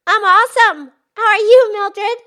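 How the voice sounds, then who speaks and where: A very high, sparkling voice belongs to a curious cartoon pig, as a woman puts her on. She chatters excitedly and peppers her co-host with eager questions. Her tone is sharp and bright throughout this playful kids' podcast. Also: measured pace, exaggerated voice. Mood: bubbly.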